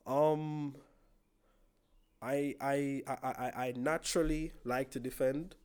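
A young Jamaican man talking on a podcast in a relaxed, rambling way. His pitch sits in the middle, and he often stumbles over and repeats words as he gathers his thoughts. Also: slow pace, clear, resonant tone. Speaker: podcast guest. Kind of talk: casual chat.

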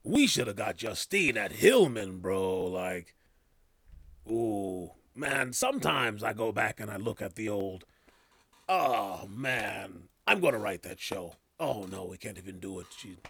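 Gravelly slow-talking man, rambling. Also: on the low side, bright, forceful tone, dry recording. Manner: rambling, trailing off and restarting, loose slang. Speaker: podcast host. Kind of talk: casual chat.

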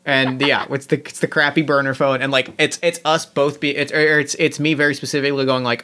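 A man playing a tabletop role-playing game, talking in halting restarts and explaining the rules. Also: mid-range voice, flat delivery, bright, forceful tone. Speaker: player. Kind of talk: casual tabletop game play.

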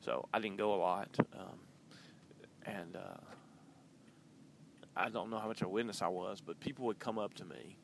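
A man's voice: deep voice, moderate pace, vocal fry, pauses often, a little hiss or hum. A man hosting a podcast, chatting loosely in a rambling way, full of ums and uhs, while driving his car. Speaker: podcast host. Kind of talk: casual rambling monologue.

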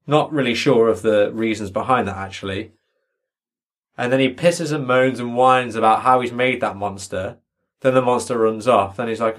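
A man's voice: medium pitch, normal speed. A man in casual podcast chat, mocking a book with sweary sarcasm.

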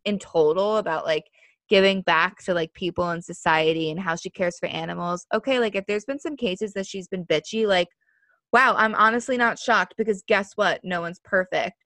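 A woman's voice: medium pitch, normal speed, fairly bright tone, no room sound. A young woman in her twenties co-hosting a casual podcast, chatty and opinionated, full of "like" fillers. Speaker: podcast co-host. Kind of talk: casual chat.

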